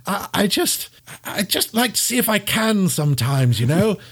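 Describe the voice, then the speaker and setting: A man's voice: high-pitched, big pitch swings, normal speed, breathy edge, pitched above the performer's own voice, exaggerated voice. A man voicing a sneaky kleptomaniac male wizard who whines and stammers excuses in a tabletop game. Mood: sheepish.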